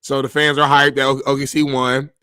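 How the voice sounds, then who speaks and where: A man's voice: medium pitch, level tone, brisk, pushed and bright, clear, resonant tone, no echo, studio quality. A man hosting a sports talk show, telling a story in loose, slangy casual chat. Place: Los Angeles area.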